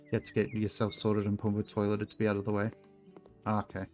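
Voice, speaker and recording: Soft background music plays as a man streams a game, talking fast in a fairly low, slightly mellow monotone. He's chatty with his viewers, rambling in asides and swearing freely.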